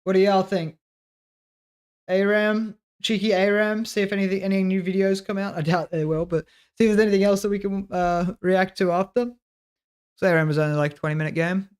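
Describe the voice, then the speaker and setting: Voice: mid-range voice, steady tone, fairly quick, a little mellow, clear, resonant tone. A livestreamer talking casually to their chat, loose and jokey with plenty of laughter and swearing. The voice sits in a mid range, and they often trail off while muttering through small tasks. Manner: talks to self while working, trailing off mid-sentence.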